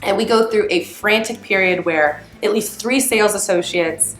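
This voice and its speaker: A woman's voice: mid-range voice, normal speed, soft background music. Chatty mother in a roomy echo. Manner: chatty, meandering, with many fillers. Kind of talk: casual storytelling.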